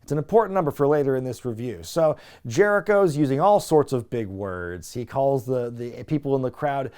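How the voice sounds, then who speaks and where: A man's voice: medium pitch, lively intonation, normal speed, a little mellow, clean tone. A man hosting a wrestling review show, giving a casual, sarcastic recap and talking to viewers as folks. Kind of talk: casual comedic recap commentary.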